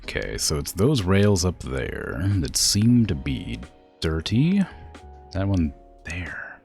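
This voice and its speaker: Man, very deep voice, animated swings in pitch, casual gameplay chatter, faint background music. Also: takes it slowly, creaky. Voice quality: deep low voice. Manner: chatty, talks to the game and to chat, laughs often. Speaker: streamer.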